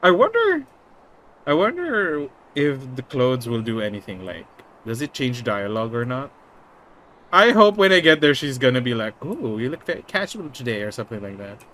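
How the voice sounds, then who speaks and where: A man giving casual let's-play commentary, excitable and quick to swear and laugh at what happens. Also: mid-range voice. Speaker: gamer. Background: game music.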